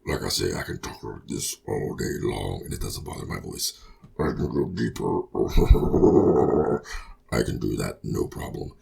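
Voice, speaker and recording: A man putting on a very deep rumbling voice. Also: very animated, gravelly, a little mellow, distant mic, exaggerated voice. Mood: boastful. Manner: boastful, slow, rumbling.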